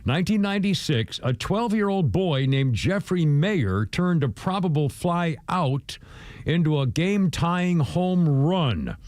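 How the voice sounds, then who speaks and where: Rambling lively radio host, dry mic. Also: male voice, fairly high pitch, a little slow, no echo. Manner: rambling, lively, hums and chuckles. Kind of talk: casual sports talk on radio. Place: radio studio.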